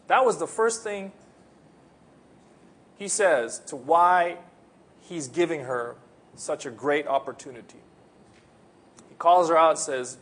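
A man's voice: fairly high pitch, expressive, slow, long pauses, fairly bright tone. A man from the Philippines, preaching a sermon in an earnest, conversational way. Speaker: pastor.

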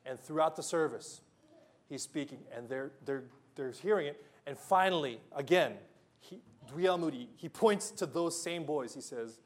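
A pastor delivering a sermon, earnest storytelling that slows for emphasis and drops soft on key lines. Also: male voice, medium pitch.

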